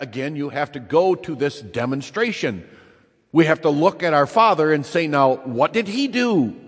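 Male preacher, sermon, deliberate slow delivery, repeats phrases for emphasis, echoing church hall. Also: medium pitch. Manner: emphatic, repeats key phrases, slows for stress. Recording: long reverb in a large hall.

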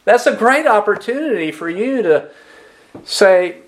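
A pastor preaching a sermon, asking the congregation questions and repeating their answers back. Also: male voice, sits high, measured pace. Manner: emphatic preaching with lively rises and drops.

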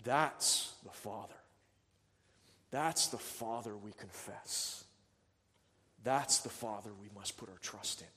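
A man's voice: lowish voice, slow, long pauses, bright, forceful tone, in a large hall. A man preaching a sermon as a pastor, earnest and full of rhetorical questions.

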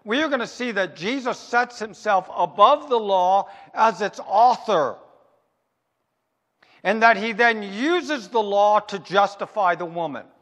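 Pastor guy preaching, pretty high voice, asks stuff then answers it, slows way down to hit points, long church echo. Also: animated, fairly bright tone. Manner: asks rhetorical questions and answers them; emphatic, slows down to stress points. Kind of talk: sermon.

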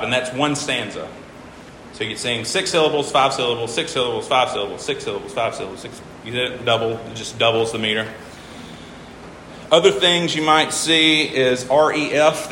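Guy teaching a class in a big echoey hall, bright voice, counts stuff out loud slowly. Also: medium pitch, slight background noise. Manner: patient, stops to count syllables aloud and repeats himself. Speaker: teacher explaining hymn meters. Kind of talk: informal classroom lecture.

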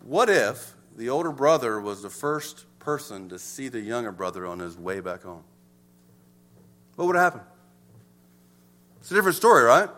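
A man preaching a sermon, swinging from emphatic to hushed as he explains. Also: medium pitch, very animated, moderate pace, long pauses. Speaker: pastor.

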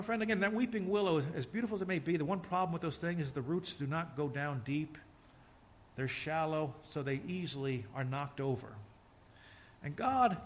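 A middle-aged male preacher delivering a sermon, telling stories with sudden loud emphasis and bursts of laughter. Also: fairly high pitch.

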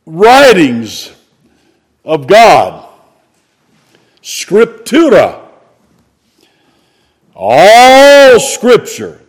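Male preacher, high lively voice, slow measured sermon pacing with sudden emphatic peaks. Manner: reads scripture then explains, rising to loud exclamations. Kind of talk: expository sermon.

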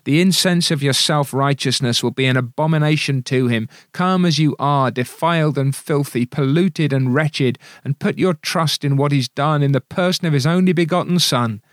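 A man's voice: mid-range voice, moderate pace, no room sound, studio quality. A man preaching a sermon in an earnest, pleading way, reading quotations aloud.

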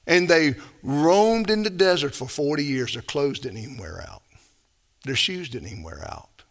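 A man delivers a passionate sermon with a fairly high voice. He drives his points home with rhetorical questions and swings from loud emphasis down to near-whispered quiet. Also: lively intonation, moderate pace. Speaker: preacher.

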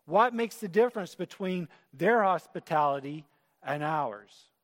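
A man's voice: fairly high pitch, expressive, measured pace, a bit bright. A man preaching a sermon in an auditorium, earnest and conversational. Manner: earnest, conversational, with acted quotes. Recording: reverberant hall.

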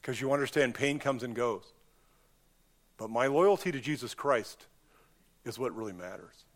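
A pastor preaching a sermon in a church, emphatic and impassioned, with sudden rises and drops in pitch and loudness. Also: male voice, animated, moderate pace.

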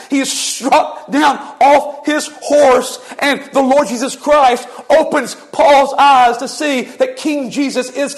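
A male pastor delivering a sermon, retelling scripture as a vivid, flowing story. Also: very high voice.

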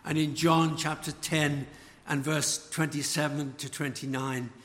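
A man preaching a sermon, slow and emphatic, letting phrase ends fall away. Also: fairly high pitch, little pitch movement, a bit bright. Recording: long church reverb.

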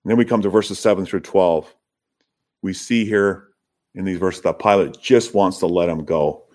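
Low-voiced man preaching a sermon. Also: steady tone, normal speed, darkish tone. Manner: expository preaching with rising emphatic peaks. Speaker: pastor.

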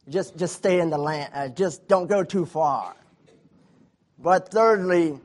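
A man preaching a sermon, his voice swelling loudly on key points and dropping low between them. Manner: preaching with surges of volume and drawn-out emphasis. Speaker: pastor.

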